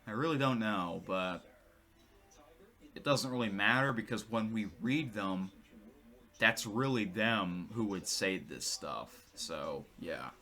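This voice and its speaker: Man, low pitch, bright forceful tone, casual rambling vlog commentary, self-corrections. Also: animated, slow. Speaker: vlogger reading tweets.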